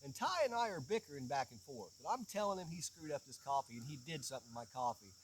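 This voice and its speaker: Animated man telling a campsite story. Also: medium pitch, fast talker, slight background noise, rough recording. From southeastern Kentucky. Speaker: podcast host. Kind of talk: casual storytelling chat.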